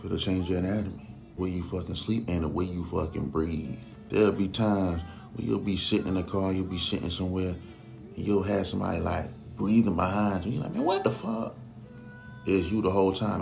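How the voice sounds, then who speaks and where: Deep gravelly man, blunt and profane. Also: a little mellow. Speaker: commentator. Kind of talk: casual monologue.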